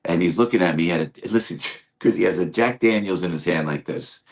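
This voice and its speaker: An older comedian with a low, deep voice spins a lively anecdote as a podcast guest. He talks in quick bursts with restarts and sudden impressions. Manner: animated anecdote teller, slips into impressions. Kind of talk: storytelling interview.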